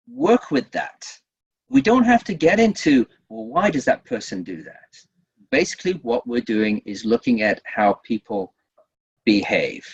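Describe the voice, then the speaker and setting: A male workshop presenter talks through his lesson in a lively, rising-and-falling voice and keeps putting questions to his audience. His voice has a husky edge and sits at a middle pitch. The audio is dull and lo-fi, like a recorded webinar. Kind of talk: webinar teaching.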